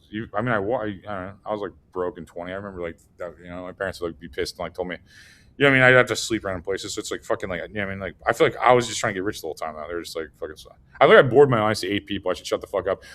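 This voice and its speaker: A man's voice: deep voice, fairly bright tone. A man from the United States ranting in a loose, profane chat, rambling and piling up fillers as he goes. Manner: profane, rambling rant full of "like". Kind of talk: casual chat.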